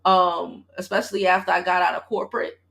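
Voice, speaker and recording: A woman, telling a story on her live stream in a casual, animated, profane way and talking straight to her viewers. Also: fairly low pitch, a little fast, gravelly. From Brooklyn, New York. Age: 40s. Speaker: gossip vlogger and love coach.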